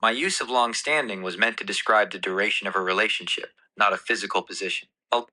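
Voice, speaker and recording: A man's voice: lowish voice, fast, poor audio. A man's synthetic assistant voice answering in a polite, formal tone. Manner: polite, formal, even-toned.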